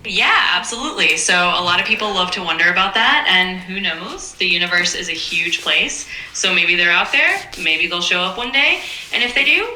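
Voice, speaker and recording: A computer-generated woman's voice, lowish but very bright and crisp in tone. She answers cheerfully and agreeably, like a chatbot eager to help, heard with a roomy echo around it. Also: lively intonation, moderate pace. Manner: upbeat, smooth and agreeable. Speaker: AI voice assistant. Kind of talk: chatbot replies.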